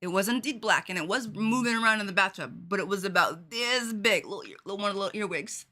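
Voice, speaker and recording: Bright-voiced chatty streamer woman. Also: medium pitch, quick pace. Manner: animated, laughing, chatty with fillers. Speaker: game streamer. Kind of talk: casual storytelling to stream chat.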